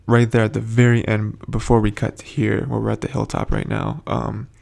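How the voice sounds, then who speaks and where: A man's voice: on the low side, little pitch movement, normal speed, gravelly, darkish tone. A man hosting a casual, rambling TV episode recap, full of hesitant fillers. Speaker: host.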